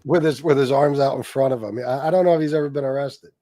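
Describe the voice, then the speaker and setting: A man's voice: mid-range voice, fast, mellow, no echo. Sarcastic, profane man on a dry mic. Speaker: livestream host reacting to a video. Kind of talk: casual mocking commentary.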